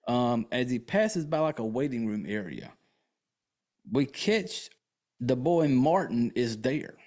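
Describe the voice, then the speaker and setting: A man's voice: mid-range voice, expressive, slow pace, a little mellow. A man hosting a podcast, recapping a film in a casual, profane, joking way with lots of fillers. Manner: rambling, crude and joking, with many fillers. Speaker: podcast host.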